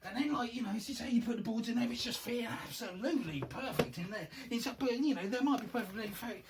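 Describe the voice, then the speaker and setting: Guy talking super fast, rambly and self-deprecating, showing off his handmade game box. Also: very high voice, lively intonation, noisy background. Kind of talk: casual show-and-tell chat.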